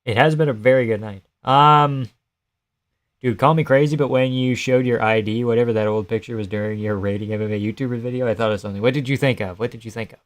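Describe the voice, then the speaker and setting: A man's voice: medium pitch, steady tone, fast. Casual young man streaming fight reactions. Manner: loose, profane, chatty, reads and answers chat. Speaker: live streamer.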